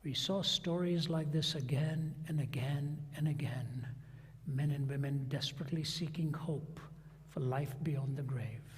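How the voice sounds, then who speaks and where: A husky older man gives a sermon, his voice sitting a little high for a man. He tells his stories with lively acted-out dialogue. A long reverb trails each phrase, as in a large hall. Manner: animated storyteller who acts out quoted voices. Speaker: preacher. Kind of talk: sermon storytelling.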